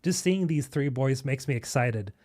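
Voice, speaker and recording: A man hosting a live stream, reacting casually and excitedly to a game video, thinking aloud and swearing. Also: mid-range voice, moderate pace. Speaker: streamer host.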